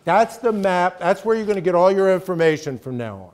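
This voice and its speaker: A man's voice: sits high, animated, a little fast. Emphatic middle-aged male lecturer. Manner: emphatic, keeps checking in with "right?". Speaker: guest lecturer. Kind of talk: conversational college lecture.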